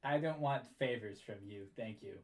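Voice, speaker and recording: A man's voice: medium pitch, normal speed, natural voice. A man voicing a shifty, greedy male cleric who hesitates and mumbles his answers. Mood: haggling.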